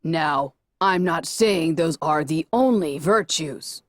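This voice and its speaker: Woman voicing a low, calm voice from a robot orb. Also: slow, no echo, studio quality. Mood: lecturing. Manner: calm, lecturing, slightly hesitant. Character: disembodied voice speaking through a flying robot orb.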